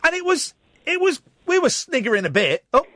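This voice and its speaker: A man in his forties hosts a late-night radio show, his pitch leaping about as he rambles along wryly and pokes fun at himself. The studio sound is close and dry. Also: sing-song, a little fast, sharp tone, dry recording. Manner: wry, rambling, self-mocking. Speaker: radio talk show host.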